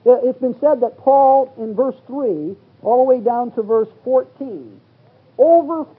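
High raspy man teaching bible verses, sounds like an old lo-fi phone recording. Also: measured pace. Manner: reads scripture in King James wording, rising to exclaim. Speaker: preacher.

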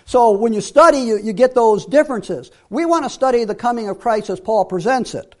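A man giving a Bible teaching sermon, emphatic, repeating key phrases and dropping to quiet asides. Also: extremely high pitch, lively intonation, brisk.

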